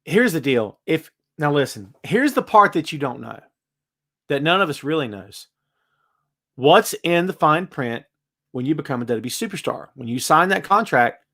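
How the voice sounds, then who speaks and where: A man hosts a casual live-stream chat and reads viewer comments aloud. His voice swings widely in pitch and loudness, and he hits his points hard in a conversational way. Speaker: host.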